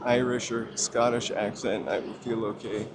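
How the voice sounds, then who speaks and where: A man's voice: mid-range voice, level tone, normal speed. A man hosting a casual walking livestream outdoors, chatting in a rambling, self-deprecating way. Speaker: livestream host. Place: outdoors on a busy city street. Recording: outdoor street noise clearly audible. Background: street ambience and passing traffic.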